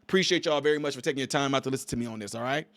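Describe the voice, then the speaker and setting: A man's voice: medium pitch, very fast, fairly bright tone, no room sound, clean studio sound. A man hosting his own channel, giving emphatic political commentary straight to his viewers and closing with a sermon-like blessing. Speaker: channel host.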